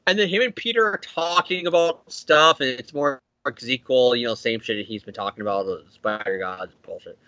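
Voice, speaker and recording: A man's voice: mid-range voice, a little fast, few pauses, pushed and bright, dry recording, highs cut off. A man casually recapping a comic issue as a podcast host, swearing, joking and slipping into goofy voices for the characters. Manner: profane, jokey, slips into silly character voices.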